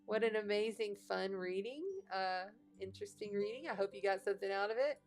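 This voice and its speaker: A woman's voice: mid-range voice, steady tone, fairly quick, faint music behind. Chatty Texan woman reading cards. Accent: Texas twang. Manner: chatty, encouraging, playful asides. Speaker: astrologer and card reader. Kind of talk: casual card reading for viewers.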